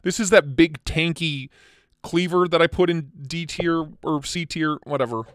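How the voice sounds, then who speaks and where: A casual, blunt man hosting a chat stream, excitable and quick to swear, sounding tired. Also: on the high side, smooth, dry recording, clean studio sound. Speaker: channel host.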